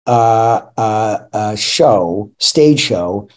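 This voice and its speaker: A man who is an actor and a guest on an interview, telling animated, rambling anecdotes with laughter and restarts. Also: fairly low pitch, very slow. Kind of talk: interview storytelling.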